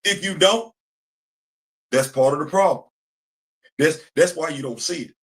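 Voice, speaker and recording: A man hosting a commentary channel, talking in a casual, animated way, repeating phrases and answering himself with call-and-response. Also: a little high, unhurried.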